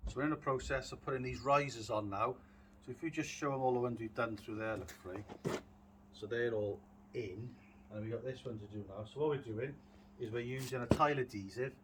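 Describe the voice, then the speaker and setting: Chatty builder on a noisy site. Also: male voice, medium pitch, a little fast. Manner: chatty, down-to-earth, addresses viewers by name. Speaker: building contractor presenting. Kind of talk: casual on-site how-to talk. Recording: noisy outdoor site recording.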